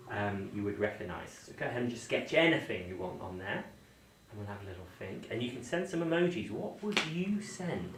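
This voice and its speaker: A man's voice: medium pitch, slight background noise. A man performing as a magician, giving live playful patter to a volunteer at an indoor venue. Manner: playful, teasing. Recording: echoey room, mic at a distance.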